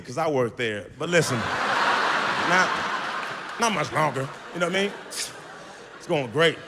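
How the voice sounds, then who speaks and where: A man doing a stand-up set on stage, animated and acting out the people in his stories. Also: on the high side, moderate pace. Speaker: stand-up comedian. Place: comedy stage. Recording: live venue with big reverb and crowd. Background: audience laughter and crowd noise.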